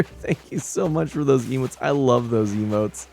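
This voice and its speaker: A man streaming a fishing game, chatting with viewers and reading out their messages with quick laughs. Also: medium pitch, creaky, faint music behind. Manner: chatty, reads out chat and greets viewers, nervous excited laughs. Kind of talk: live gameplay commentary.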